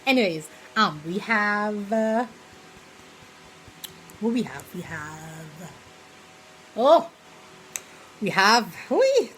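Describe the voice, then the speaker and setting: A woman's voice: medium pitch, very slow, long pauses, a little hiss or hum, poor audio. A young woman with a Bahamian accent, chatting casually in a vlog and filling her talk with "you know". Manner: chatty, rambling, full of "you know" fillers; slips into lively quoted examples. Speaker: vlogger.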